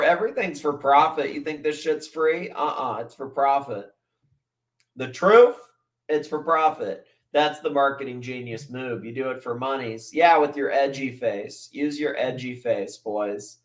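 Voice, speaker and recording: A man's voice: mid-range voice, a bit bright. A man hosting a casual livestream, rambling and swearing as he reacts to chat and videos. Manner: profane, rambling, mimics voices. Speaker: livestream host.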